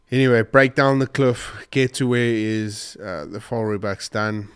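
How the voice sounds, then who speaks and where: A man with a slightly low, smooth, clear voice recounts a hunt to his viewers. He rambles and restarts, sounding choked up and sniffly. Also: moderate pace, few pauses. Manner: emotional, rambling retelling with restarts. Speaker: hunting vlogger. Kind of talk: casual storytelling to camera.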